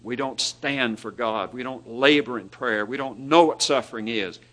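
A man preaching a sermon, asking his listeners questions, lifting his voice for emphasis and letting phrase ends fall very soft. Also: mid-range voice, moderate pace. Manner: dynamic, rising for emphasis and dropping to near-whispers at phrase ends; asks the listeners rhetorical questions.

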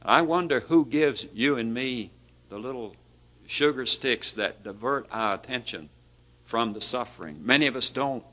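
A man preaching a sermon, asking his listeners questions, lifting his voice for emphasis and letting phrase ends fall very soft. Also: mid-range voice, animated, normal speed. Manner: dynamic, rising for emphasis and dropping to near-whispers at phrase ends; asks the listeners rhetorical questions.

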